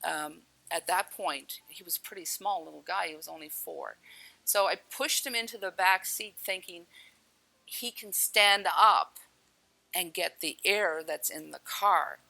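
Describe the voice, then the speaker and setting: A woman's voice: fairly low pitch, a little slow, creaky, pushed and bright, low-quality recording. A woman telling a personal story in a candid, blunt way, swearing now and then and laughing at herself. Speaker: storyteller recounting a near-death experience. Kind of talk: personal testimony.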